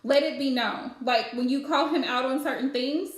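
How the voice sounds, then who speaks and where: A woman's voice: high-pitched, normal speed, reverberant. A woman giving a live-streamed spiritual reading, chatty and advice-giving with lots of fillers. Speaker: psychic card reader.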